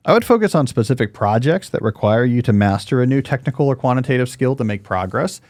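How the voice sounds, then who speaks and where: A man's voice: medium pitch, animated, quick pace, a little mellow, no room sound. Guy in his 40s hosting a podcast, chatty, lots of likes and uhs, dry jokes, close dry studio mic. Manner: chatty, dry joking, many fillers and restarts. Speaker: podcast host. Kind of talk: casual podcast chat and advice.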